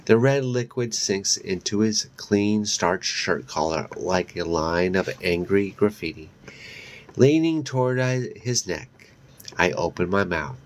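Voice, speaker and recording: A man reading a first-person horror story aloud in a slow, deliberate way. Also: deep voice, lively intonation. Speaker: audiobook reader.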